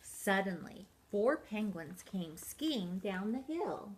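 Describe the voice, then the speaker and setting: An older woman reads a children's storybook aloud as a grandmother would. Her pace is slow and gentle. Her voice moves lively up and down through the sentences. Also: medium pitch, slight background noise. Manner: gentle, unhurried reading.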